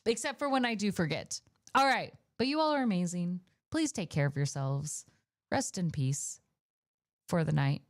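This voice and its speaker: A woman's voice: on the low side, sing-song, normal speed. A young woman streamer chatting casually at the end of a stream, playful and talkative. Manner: chatty and playful, baby-talks to her dog.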